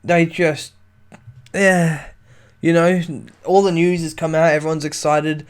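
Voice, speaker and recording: A man co-hosting a casual gaming podcast, easygoing and quick to laugh. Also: on the high side, little pitch movement, clean tone. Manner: easygoing, laughs easily, loose phrasing. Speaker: podcast co-host.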